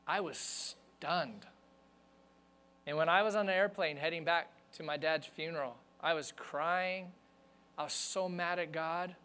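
A man's voice: fairly high pitch, fairly even intonation, measured pace, pushed and bright, clear, resonant tone. A man preaching a sermon as pastor, speaking to the congregation in a conversational, earnest way.

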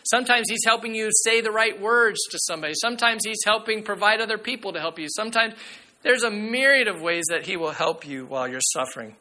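A man preaching a sermon as pastor, earnest and emphatic, sometimes dropping to a hushed voice. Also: high-pitched, expressive, fast talker.

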